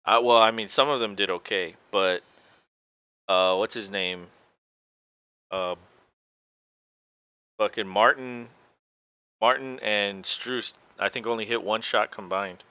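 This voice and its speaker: Casual podcast co-host, man, rambling fan-style commentary, bright tone, dry lo-fi sound. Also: on the low side, slow, long pauses, clean tone, dry recording. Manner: casual, swearing, rambling with fillers. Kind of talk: casual live play-by-play commentary.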